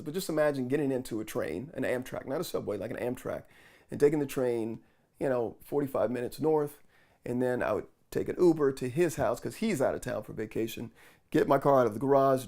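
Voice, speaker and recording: Gravelly man telling a story. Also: medium pitch. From New York. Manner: animated retelling with quoted dialogue. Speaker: vlogger. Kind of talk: casual storytelling to camera.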